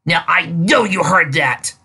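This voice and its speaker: A man doing a brash, shrill young pony mare. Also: unhurried, slightly rough, full character voice. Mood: alarmed. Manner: loud, exclaiming, argumentative. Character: brash, bold young female pegasus pony.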